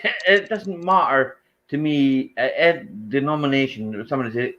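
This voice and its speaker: Man, Highland Scottish accent, laid-back drawl, tag questions, medium pitch, dull lo-fi sound. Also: moderate pace, fairly bright tone. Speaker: co-host. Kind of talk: casual chat.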